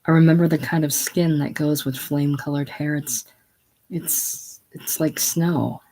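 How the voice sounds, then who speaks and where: A reader voicing an anxious, secretive middle-aged woman in a casual play reading, halting and breaking off mid-sentence. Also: mid-range voice, lightly acted, low-quality recording. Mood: fretful.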